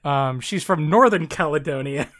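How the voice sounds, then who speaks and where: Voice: medium pitch, moderate pace, fairly bright tone. A speaker with a Southern Ontario Canadian accent, chatting casually as a podcast co-host, rambling, swearing and often breaking into laughter. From Canada, Southern Ontario near Toronto. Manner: rambling, profane, lots of laughter and restarts. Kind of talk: casual chat.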